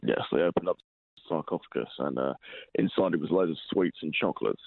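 A teenage boy phoning in jokes in a deadpan, hesitant voice forced very low and gravelly. He talks fast. It comes through a thin, tinny phone line. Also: no room sound. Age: teens. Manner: deadpan, hesitant, put-on deep voice. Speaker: caller. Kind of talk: deadpan joke telling.

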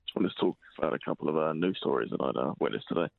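A teenage man calling a radio show, telling deadpan jokes in a hesitant, put-on deep voice. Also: racing, vocal fry, dry recording. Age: teens. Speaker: caller. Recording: tinny phone line.

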